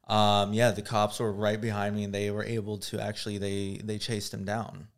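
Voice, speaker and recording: A man's voice: on the low side, completely flat delivery, moderate pace. A man talking as a guest on a podcast, casual and earnest, with some hesitant fillers. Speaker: guest, motorcycle gear salesman. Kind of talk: casual chat.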